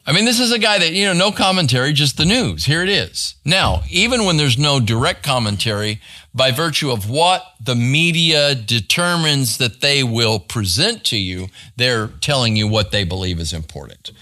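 Bright-voiced pastor teaching a Bible class. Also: male voice, medium pitch, animated, normal speed. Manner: conversational, checks in with the class with "right?".

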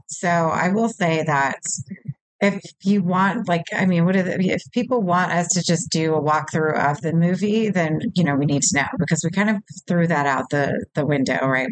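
A woman's voice: fairly low pitch, dry recording, low-quality recording. Chatty woman co-hosting a podcast. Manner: chatty, halting, with many fillers. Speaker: podcast co-host. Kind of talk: casual podcast chat. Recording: dry close mic.

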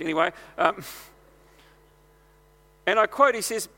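High, bright-voiced preacher. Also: male voice, lively intonation, normal speed, long reverb tail. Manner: conversational, earnest preaching with personal anecdotes. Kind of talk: sermon.

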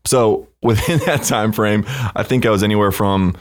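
Relaxed low-voiced young man. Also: normal speed. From United States. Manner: relaxed, easygoing, conversational. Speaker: startup co-founder, podcast guest. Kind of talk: casual podcast interview.

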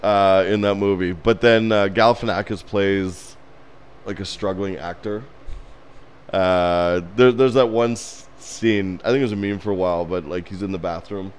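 A man co-hosting a casual podcast chat, telling movie scenes with laughter and rising excitement. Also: deep voice, moderate pace, slight background noise. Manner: animated storyteller, laughs while retelling scenes. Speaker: podcast co-host.

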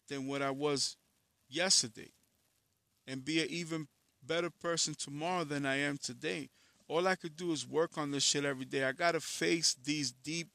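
Profane, blunt man with a bright voice. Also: on the high side, gravelly, dry recording. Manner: blunt and profane, frustrated and reflective. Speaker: musician. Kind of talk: candid personal monologue.

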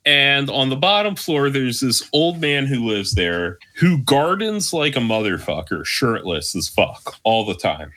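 A man's voice: mid-range voice, big pitch swings, measured pace, few pauses, pushed and bright. A man telling a rambling, profane story in casual chat with lots of fillers.

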